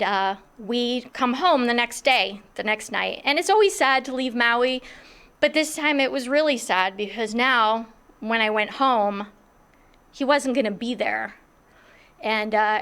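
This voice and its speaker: Middle-aged woman, slightly high voice, animated self-mocking storyteller. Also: clean tone. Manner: animated, self-mocking, acts out others' thoughts. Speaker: coach telling a personal story. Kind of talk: personal storytelling.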